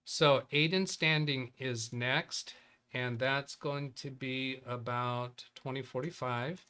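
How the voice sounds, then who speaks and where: A man's voice: medium pitch, fairly even intonation, takes it slowly, pushed and bright, smooth. A man hosting a live computer-help stream in casual chat, rambling and thinking aloud as he reads viewer emails. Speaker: host of a live Windows help show.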